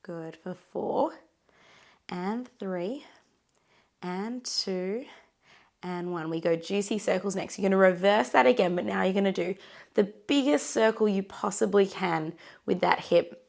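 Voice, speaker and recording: Raspy-voiced woman cueing a pilates class. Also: medium pitch, a little slow, darkish tone. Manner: encouraging, cueing breath and counting reps. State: run down, hoarse. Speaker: pilates instructor. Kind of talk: guided workout instruction.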